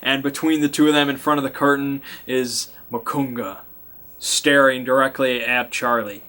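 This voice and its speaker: A man's voice: mid-range voice, steady tone, moderate pace, pushed and bright. A man acting as game master, casually recapping a tabletop game session in a chatty way. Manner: chatty, acts out sound effects and lines, laughs.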